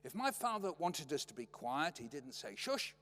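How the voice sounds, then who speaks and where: Animated older British man telling stories. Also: fairly high pitch, normal speed. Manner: playful, acts out family voices. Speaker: guest lecturer. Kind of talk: humorous storytelling lecture. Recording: long reverb of a lecture hall.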